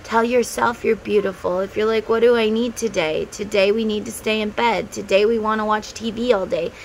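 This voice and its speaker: A woman's voice: medium pitch, fairly even intonation, brisk, vocal fry, slight background noise, rough recording. A middle-aged woman who runs a spiritual vlog, talking to viewers in a casual, heartfelt way. She gives earnest advice and speaks straight to the viewer. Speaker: tarot and spiritual vlogger.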